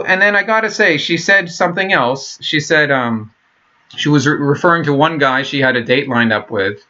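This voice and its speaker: A man's voice: medium pitch, pushed and bright. A man vlogging in a casual monologue, rambling and swearing, with many fillers and restarts. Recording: dull lo-fi recording.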